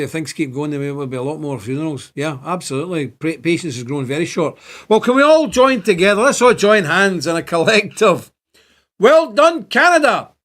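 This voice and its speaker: An older man with a Northern Irish accent hosts a rambling livestream commentary. His voice sits high and swings widely in pitch, and he laughs between his points. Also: fairly bright tone. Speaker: show host. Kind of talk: livestream commentary reading chat.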